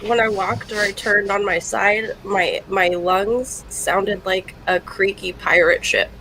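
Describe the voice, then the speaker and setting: Woman from Florida, congested, gravelly, self-mocking, faint hiss behind. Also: mid-range voice, fairly even intonation, takes it slowly, bright, forceful tone, poor audio. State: congested, recovering from illness. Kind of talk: casual chat.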